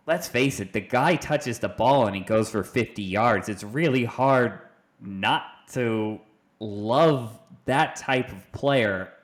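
A man's voice: mid-range voice, takes it slowly. A man hosting a podcast, leading the casual discussion in an easygoing way. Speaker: podcast host.

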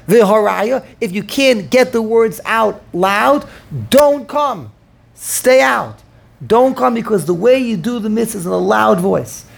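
A man's voice: high voice, creaky. A man teaching a Talmudic lecture as a rabbi, thinking aloud, repeating words as he works through the argument and using many Hebrew terms.

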